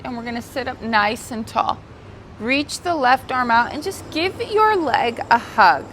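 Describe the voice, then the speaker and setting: Woman, yoga instructor, gentle unhurried cues, slightly high voice, faint outdoor noise. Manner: slips into Spanish cues. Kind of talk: guided yoga class. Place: outdoors by the ocean.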